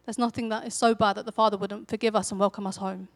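A woman preaching a sermon in a conversational storytelling manner, growing animated when she acts out quotes. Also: mid-range voice, quick pace, dry recording.

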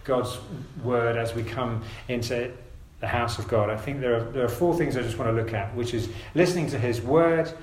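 A man preaching a sermon to his congregation, earnest and gentle, urging his listeners with repeated phrases. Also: mid-range voice, steady tone, moderate pace, hardly any pauses, roomy sound, low-quality recording.

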